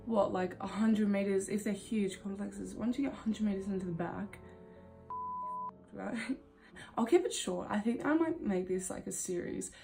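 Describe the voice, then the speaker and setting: Mellow-voiced woman rambling through a storytime. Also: medium pitch, creaky. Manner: rambling and chatty, laughs often, swears casually. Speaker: vlogger. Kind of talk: casual storytime monologue.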